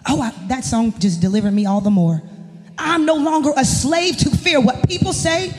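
A woman's voice: high-pitched, moderate pace. A woman, a pastor's wife and worship leader, preaching an emphatic, impassioned sermon in a church. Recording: long echoing reverb of a church hall.

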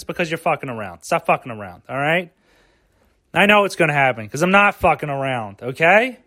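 A man's voice: sits high, sharp tone. A man hosting a podcast, rambling and swearing through a solo rant full of rhetorical questions. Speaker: podcast host.

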